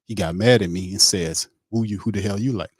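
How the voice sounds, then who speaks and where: A man's voice: lowish voice, a little fast, a little mellow, slightly rough, dry recording, studio quality. A man doing a comic impression of a rambling, boastful male pro quarterback. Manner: rambling comic storytelling with mock dialogue.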